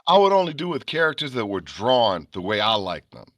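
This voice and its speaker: Animated storytelling man from Chicago, dry sound. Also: lowish voice, a little fast, no room sound. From Chicago, United States. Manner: animated storyteller, slips into character voices. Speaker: guest voice actor. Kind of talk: casual interview storytelling.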